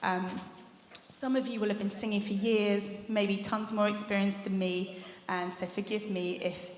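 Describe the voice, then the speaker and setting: In a large conference hall, a young woman leads a live vocal masterclass, chatty and encouraging, laughing often as she demonstrates exercises. Her medium-pitched voice is unhurried with little pitch movement. The hall is echoey with a long reverb.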